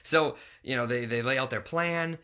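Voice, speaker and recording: A man co-hosting a podcast, chatting casually as he recaps a cartoon episode and acts out its scenes in quick voices. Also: mid-range voice, sharp tone. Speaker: podcast co-host.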